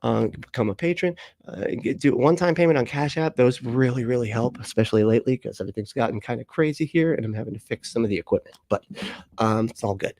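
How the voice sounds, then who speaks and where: A man's voice: mid-range voice, quick pace, a little mellow, no room sound. A man in his late thirties hosting a casual livestream, rambling through chat comments with frequent laughs and casual swearing. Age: late 30s. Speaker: livestream host.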